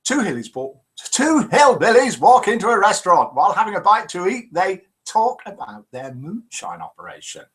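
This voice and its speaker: A man hosts a live chat show, reading out viewers' comments one after another and telling jokes. His voice sits a little high for a man, and his manner is chatty and teasing. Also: huge pitch swings, moderate pace, few pauses, fairly bright tone.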